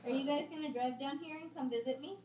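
A brash young woman from South Carolina jokes and swears through a casual chat, quick to push back. Her voice sits somewhat high for a woman. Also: echoey room, crowd noise. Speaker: guest caller.

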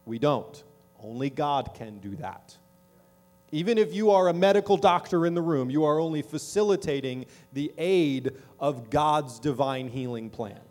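A man's voice: fairly high pitch, animated, moderate pace, a little mellow. A middle-aged man preaching a sermon as pastor in a church, talking conversationally and often checking in with the congregation. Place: church sanctuary.

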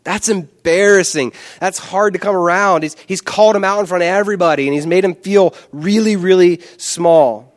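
A man's voice: sits high, normal speed, few pauses. A male pastor delivering a conversational, emphatic sermon and often repeating words for stress.

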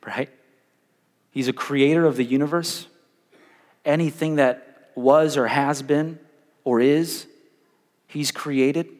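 A young man preaching a sermon as pastor, animated and stumbling over repeated words, swinging between loud and hushed. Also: medium pitch. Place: church hall. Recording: live in a reverberant church hall.

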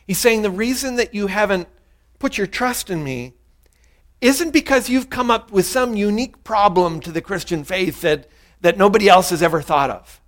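A male pastor delivering a sermon, his voice sitting noticeably high for a man. He speaks earnestly and leads the listeners through a short prayer for them to repeat. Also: normal speed, fairly bright tone.

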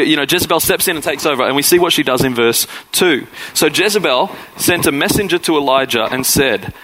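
A man's voice: on the high side, expressive, a little fast, few pauses, bright, forceful tone, slight background noise, poor audio. A man preaching a conversational sermon as pastor, acting out the people in the story as he retells it. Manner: conversational preaching, acts out quoted figures.

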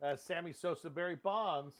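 A man's voice: on the high side, normal speed. A man co-hosting a movie podcast, chatting casually and joking around with silly put-on accents. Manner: jokey, animated, slips into silly put-on accents. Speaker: podcast co-host. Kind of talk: casual banter about movies.

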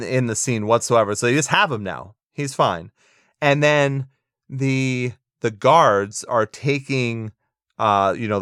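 A man's voice: mid-range voice, fairly bright tone, dry recording, studio quality. A man co-hosting a casual podcast, rambling through a film recap with frequent restarts and small chuckles. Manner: rambling, repeats words, chuckles while recapping. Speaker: podcast co-host reviewing a film. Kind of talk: casual chat.

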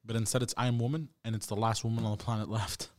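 A man's voice: on the low side, fairly even intonation, rapid-fire, a little mellow. A man in his thirties co-hosting a podcast, cracking blunt jokes in casual chat. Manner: joking, blunt interjections. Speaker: podcast co-host.

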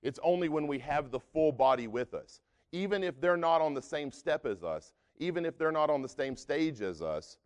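A man's voice: on the high side, normal speed. A male preacher delivering a sermon in an easygoing, folksy manner. He talks to the congregation conversationally, leaning on casual fillers as he explains his points. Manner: relaxed, folksy, with frequent fillers.

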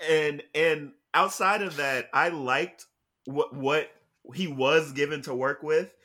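A man co-hosting a casual movie review chat, measured and building his points with details. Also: fairly high pitch, bright, forceful tone. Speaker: podcast co-host.

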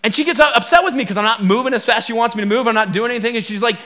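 A man, a pastor, telling a personal story in a sermon, animated and full of fillers and repeats as he acts out the quotes. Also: extremely high pitch, racing, few pauses.

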